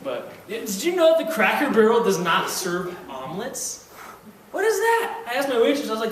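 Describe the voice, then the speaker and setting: A young man rambles playfully through a stand-up set and pokes fun at himself. His voice sits high, and it rings through a very echoey room. A distant camera picks up clear noise behind him. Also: huge pitch swings, fairly quick, a bit bright. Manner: rambling, self-mocking, playful. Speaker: stand-up comedian. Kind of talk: stand-up comedy. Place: room at a church Christmas party.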